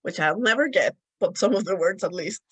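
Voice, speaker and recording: A woman's voice: on the low side, animated, a little fast, husky, low-quality recording. A woman with a Spanish accent, a native Spanish speaker, hosting a solo podcast and chatting casually with frequent laughter. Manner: chatty, laughs often while telling stories. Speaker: podcast host.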